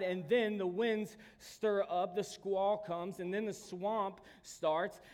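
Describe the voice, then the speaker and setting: A man preaches a sermon in a fairly high voice, telling stories from his own life. He moves from easy calm talk to sudden loud shouts. His voice rings with a long reverb from the hall around him. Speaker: pastor.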